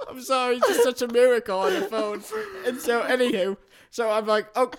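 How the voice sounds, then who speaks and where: A man playing a hapless oddball called Larry Poppins in an improvised comedy interview, rambling, halting and giggling through his stories. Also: high-pitched, fairly even intonation, a crowd in the background, lightly acted. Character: hapless male Larry Poppins, odd drifter.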